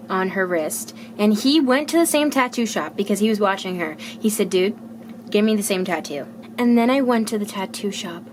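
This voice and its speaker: Blunt, animated young woman book vlogger. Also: mid-range voice, noisy background. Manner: candid, animated, blunt, swings to soft asides. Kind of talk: casual reading vlog chat.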